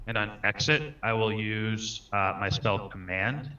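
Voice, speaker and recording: A man's voice: on the low side, slow pace, hardly any pauses, sharp tone, distant mic, highs cut off. A man playing a tabletop game, talking through his turn in an easygoing way. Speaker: player. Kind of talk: casual tabletop play.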